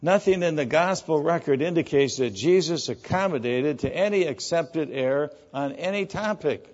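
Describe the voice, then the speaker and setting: A man's voice: on the high side, lively intonation, normal speed, a little mellow, dull audio. A man preaching a sermon, reading scripture quotes with rising emphasis and explaining them in plain talk. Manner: emphatic, quoting scripture with raised voice.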